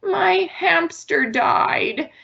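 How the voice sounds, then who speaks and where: A grieving small child, voice pitched way up and drawn out slowly, acted by a woman. The child sounds plaintive and small. The audio is slightly muffled, like a video call. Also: animated, gravelly, pushed and bright, exaggerated voice. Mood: sad. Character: upset little child, sad and plaintive.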